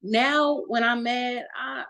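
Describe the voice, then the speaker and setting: A woman's voice: fairly high pitch, fairly even intonation, slow, vocal fry, pushed and bright, poor audio. A woman giving a candid testimony in an online meeting, blunt and profane, laughing often. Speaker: meeting participant. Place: video call at home. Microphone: video call.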